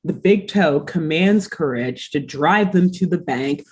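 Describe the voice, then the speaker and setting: A woman's voice: low-pitched, a little slow, slightly rough. A young woman hosting a podcast, casually recapping a cartoon episode with lots of laughter and playful quoting. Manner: animated, laughs often, drops in quoted voices. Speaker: podcast host.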